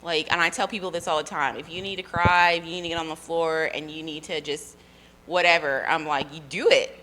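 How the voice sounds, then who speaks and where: A woman in her thirties with a New York accent, co-hosting a casual chat and telling blunt, animated stories. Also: deep voice, brisk, a little hiss or hum, low-quality recording. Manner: blunt, animated storyteller acting out quotes. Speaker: podcast co-host.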